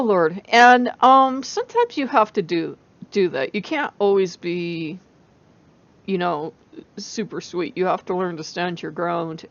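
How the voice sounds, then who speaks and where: Tired woman vlogger laughing between words. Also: medium pitch. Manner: laughs often, rambling with fillers. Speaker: channel host. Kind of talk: casual spiritual vlog chat. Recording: dull lo-fi dry recording.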